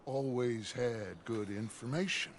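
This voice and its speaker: A man's voice: medium pitch, a little slow, close to an everyday voice. A man voicing a commanding, theatrical middle-aged outlaw gang leader in a western video game. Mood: determined. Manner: forceful, theatrical orator. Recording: game audio with horses and wind.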